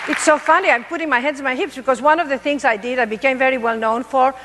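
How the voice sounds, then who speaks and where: A middle-aged woman with a Greek accent giving an animated, emphatic motivational speech in a performing arts center. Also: sits high, quick pace, a faint crowd, slight background noise. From Greece. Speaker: motivational speaker. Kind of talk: inspirational speech with storytelling. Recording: echoey large hall.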